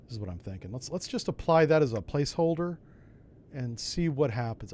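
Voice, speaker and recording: Guy streaming a sub game, folksy and chatty, mid pitch, thinking out loud. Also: lively intonation, a little fast, slight background noise. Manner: folksy, talks himself through each step with asides. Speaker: streamer playing a submarine game. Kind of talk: casual gameplay commentary.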